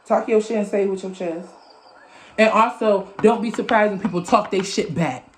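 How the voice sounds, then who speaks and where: A young woman giving a loud, emphatic and profane tarot reading into her phone. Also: mid-range voice, moderate pace, a little hiss or hum. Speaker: tarot reader. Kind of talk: casual motivational tarot reading.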